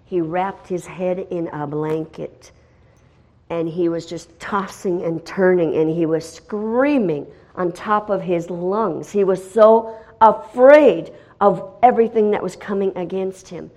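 A middle-aged woman giving a spoken testimony as a missionary, telling her story dramatically and swinging from hushed tones to loud, excited bursts. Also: fairly low pitch, unhurried.

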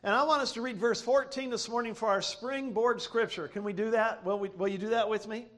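A man's voice: high-pitched, fairly even intonation, a little fast, a bit bright. A male pastor from Ohio preaching a sermon with emphatic, rising delivery and call-and-response.

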